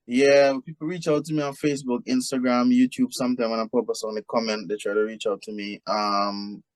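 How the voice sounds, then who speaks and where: A man's voice: medium pitch, flat delivery, brisk, no echo, low-quality recording. A man from St. Vincent and the Grenadines with a Vincentian accent, chatting casually as an interview guest and often saying "you know". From St. Vincent and the Grenadines (Union Island). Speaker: guest, music producer.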